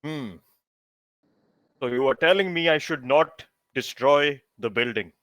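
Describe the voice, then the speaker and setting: A man's voice: on the high side, measured pace, fairly bright tone, dry recording, rough recording. A man playing a tabletop game, slipping into grandiose, boastful in-character bluster. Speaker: player.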